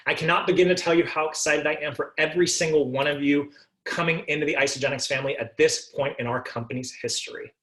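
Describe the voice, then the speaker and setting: A man's voice: a little high, fairly even intonation, fast talker, fairly bright tone. A man giving a motivational talk to a business team, emphatic and repeating his key phrases.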